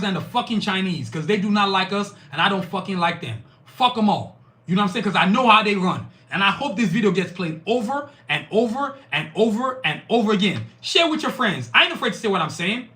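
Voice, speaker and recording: Fiery high-pitched ranting man. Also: sharp tone. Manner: angry, profane, emphatic. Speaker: podcast host. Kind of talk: ranting podcast monologue.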